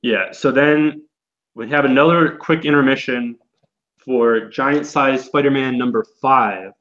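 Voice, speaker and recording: A man in casual podcast chat, unhurried and rambling, trailing off into fillers. His voice sits in a middle pitch. The recording is dull and a little lo-fi. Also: a bit bright. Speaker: podcast co-host.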